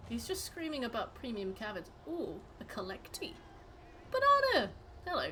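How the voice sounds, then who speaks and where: A woman's voice: a little high, animated, normal speed, slight background noise. A woman streaming a game, chatting casually with her viewers in a rambling, playful way. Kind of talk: casual chat while gaming.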